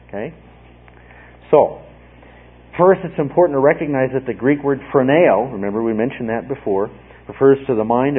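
Man, Bible teacher, husky voice, explanatory lecture, keeps asking "okay?", tinny phone-like sound. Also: medium pitch. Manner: explanatory, checks in with "okay?" often. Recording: phone-like narrow band.

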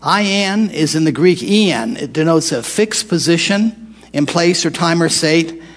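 A man's voice: fairly high pitch, expressive, unhurried. Man teaching a Bible study, conversational. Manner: conversational, asks questions, repeats phrases for emphasis.

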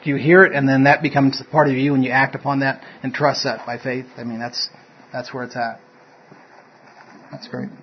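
Here a man with a mid-range voice and flat delivery teaches an informal Bible study at a normal pace. He rambles, cuts himself off to correct things, and chuckles frequently, all captured in a dull lo-fi room recording with a faint hiss or hum.

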